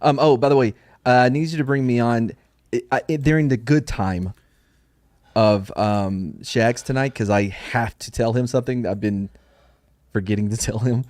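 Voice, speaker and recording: A man's voice: mid-range voice, moderate pace, a little mellow, no room sound. Male podcast host, young, jokey and rambling, dry close mic. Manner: joking, rambling, laughs often. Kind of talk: casual chat.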